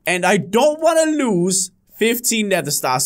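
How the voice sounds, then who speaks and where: A man hosting a casual gaming video, excitable and quick to yelp and laugh at surprises. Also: high-pitched.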